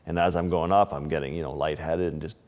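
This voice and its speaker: A man's voice: extremely low pitch, steady tone, fast talker, a little mellow, long reverb tail. A Canadian-born man, a wildlife photographer, telling stories in an interview. He restarts his sentences often and uses lots of fillers. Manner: vivid, restless retelling with many restarts and fillers. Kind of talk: storytelling in a casual interview.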